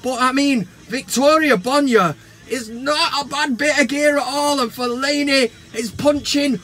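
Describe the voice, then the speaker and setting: A man hosting a comedic football vlog, ranting in a mocking, sweary, excitable way. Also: very high-pitched, unhurried. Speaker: vlog host. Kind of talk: casual comedic football rant.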